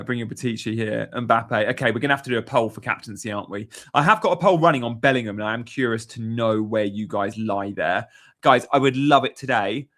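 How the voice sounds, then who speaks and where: A man's voice: medium pitch, a bit bright. A young man chatting casually on a live stream, upbeat and reading out viewer comments as he goes. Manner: chatty, upbeat, reads out chat messages. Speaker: fantasy football streamer.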